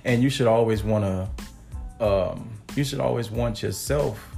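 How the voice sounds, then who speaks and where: A man co-hosting a podcast, talking in a relaxed, earnest way and often repeating phrases. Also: lowish voice, a little slow, creaky, faint music behind. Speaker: podcast co-host. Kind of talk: casual conversation.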